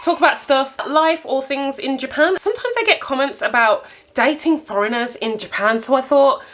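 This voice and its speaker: Young woman vlogging, chatty and playful, kinda high voice, swoops way up sometimes. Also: normal speed, fairly bright tone. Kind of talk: casual story-time chat to camera.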